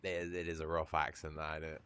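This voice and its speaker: A man's voice: extremely low pitch, completely flat delivery, quick pace, fairly bright tone, clean tone. A British man casually chatting and swearing while he streams a video game, with a joking manner. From Britain. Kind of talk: casual gameplay livestream.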